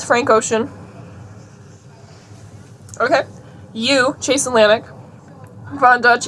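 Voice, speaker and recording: A young adult woman vlogs casually, giggly and talkative as she reads out a list of items. Her voice is fairly high and a bit bright, with slight background noise.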